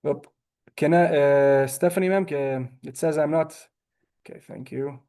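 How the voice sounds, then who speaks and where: A man's voice: fairly high pitch, unhurried, mellow. A man teaching a Hebrew class over a video call, talkative and courteous, often apologizing and saying ma'am. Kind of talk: online class lecture.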